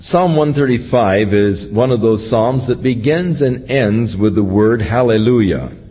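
Husky, slow-paced pastor in a reverberant hall. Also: male voice, medium pitch, lo-fi sound. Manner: reads scripture aloud, then explains it verse by verse. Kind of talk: expository sermon.

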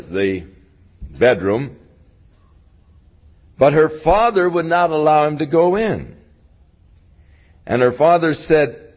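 A man's voice: fairly high pitch, expressive, takes it slowly, long pauses, lo-fi sound. A man teaching a Bible lesson as a folksy, conversational retelling. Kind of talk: casual Bible lesson storytelling.

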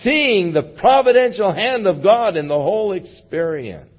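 A man preaching through a Bible passage, reading the verses aloud and then retelling them in casual, lively asides. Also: high voice, moderate pace. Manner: reads scripture then paraphrases it in casual, animated asides. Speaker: pastor. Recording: dull lo-fi recording.

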